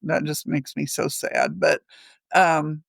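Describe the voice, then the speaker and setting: Chatty, gravelly woman. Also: deep voice, level tone, slow pace, no echo. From Missouri. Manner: chatty, rambling, laughs often. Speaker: podcast co-host. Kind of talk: casual storytelling chat.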